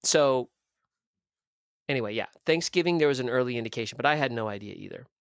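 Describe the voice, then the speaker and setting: A man's voice: medium pitch, fast talker, gravelly, clear, resonant tone, no echo, clean studio sound. Blunt, profane man telling his story. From Southern California. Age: 30s. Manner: blunt, profane, animated storyteller who acts out quoted dialogue. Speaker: podcast guest. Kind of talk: candid conversational storytelling.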